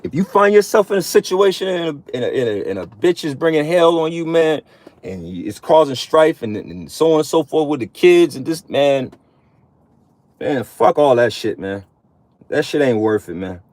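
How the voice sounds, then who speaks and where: A man's voice: fairly high pitch, sing-song, normal speed, a little mellow, no echo. Profane, preachy man in a dry room. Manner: profane, repetitive, streetwise slang. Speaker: online preacher addressing men. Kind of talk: casual preachy monologue.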